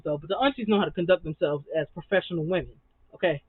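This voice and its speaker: Talking fast in a fairly high, breathy voice, this man recaps reality TV as a vlogger with sass, slang and emphatic repetition. The audio sounds tinny and phone-like, completely dry with no room sound.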